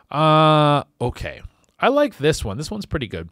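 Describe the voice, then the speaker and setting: A man hosts a comedic monologue, riffing and rambling. His voice is bright and his pitch swings widely. The sound is dry and close. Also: a little slow, no echo. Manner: rambling, animated, acts out voices. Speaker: comedian host.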